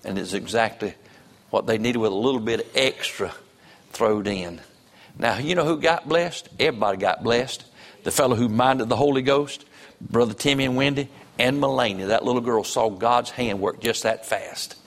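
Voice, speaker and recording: A man's voice: mid-range voice, moderate pace. A man preaching a sermon, telling folksy stories that rise into fervent exhortation. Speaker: pastor.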